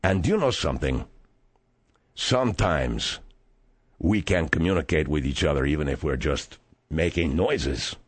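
A very deep, husky-voiced man with a Spanish accent, hosting a radio call-in show. He stammers and fills gaps with "uh" as he wanders off on tangents, yet his pitch swings widely. The sound is close and dry. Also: lively intonation, no echo. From abroad, moved to America. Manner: halting, stammering, full of fillers and drifting tangents. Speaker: radio talk show host. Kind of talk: rambling comic radio talk.

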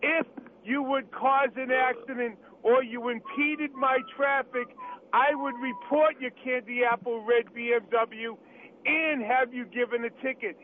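A man's voice: extremely high pitch, steady tone, a little slow. Insistent Boston man on a phone line. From Boston, USA. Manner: firm, insistent. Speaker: caller, firefighter. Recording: phone call line with faint hiss.

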